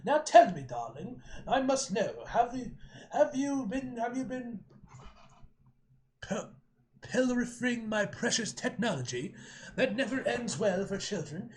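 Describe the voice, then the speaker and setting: Haughty, menacing lady scientist, put on by a man, high and sing-song, a bit halting. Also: very animated, heavily acted. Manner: haughty, drawn-out threats with halting reading slips. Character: imperious older woman scientist, cold and menacing.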